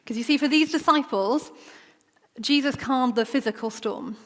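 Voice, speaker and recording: A woman's voice: sits high, moderate pace. A woman preaching a sermon in a church, talking in a conversational way and acting out the quoted voices. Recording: long church reverb.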